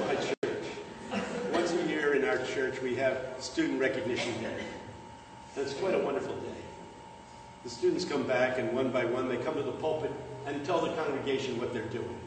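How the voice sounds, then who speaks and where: A man's voice: mid-range voice, fairly even intonation, moderate pace, a little hiss or hum. A man preaching a humorous sermon in a large church, building up phrases with rhythmic repetition. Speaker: guest preacher. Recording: echoey church hall, distant mic.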